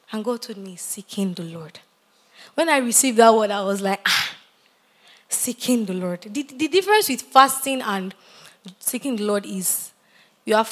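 A woman preaching a sermon, repeating key phrases and building from quiet prayer to loud, impassioned exhortation. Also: mid-range voice.

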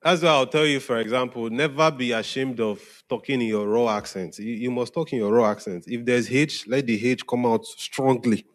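A man's voice: medium pitch, fairly quick, few pauses, a bit bright. A man, a pastor preaching to young people in a conversational way, often checking if they follow. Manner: conversational preaching, often asking "are we together?". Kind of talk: sermon to young congregation.

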